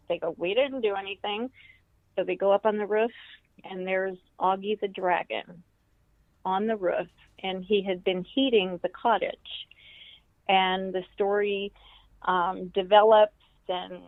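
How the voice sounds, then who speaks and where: A woman's voice: medium pitch, no room sound. An older woman, an author and professor, telling a story as an interview guest and acting out the quoted voices. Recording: tinny phone-like line.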